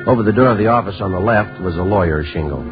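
A man playing a police sergeant who narrates in clipped, deadpan first person in an old radio drama. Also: lowish voice, quick pace, natural voice. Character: terse male police detective sergeant. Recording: old lo-fi radio recording with music.

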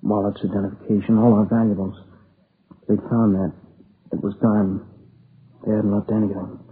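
A grieving young man, worn out and near tears, as an actor plays him, speaks haltingly in a lowish, flat voice. It is a 1950s radio crime drama, heard through a tinny old broadcast with faint hiss. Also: lightly acted. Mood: weary. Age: young adult. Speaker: robbery and murder witness.

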